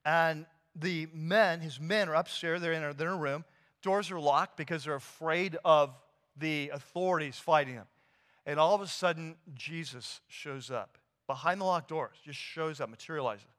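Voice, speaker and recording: A pastor retelling a scripture story in a sermon, animated and casual with slang and fillers. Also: male voice, fairly high pitch, normal speed. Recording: long hall reverb.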